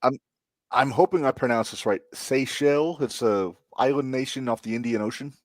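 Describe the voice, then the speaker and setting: A man co-hosting a podcast in casual chat, relaxed and full of fillers. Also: mid-range voice, normal speed, no echo. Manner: relaxed, filler-heavy, chatty. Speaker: podcast co-host.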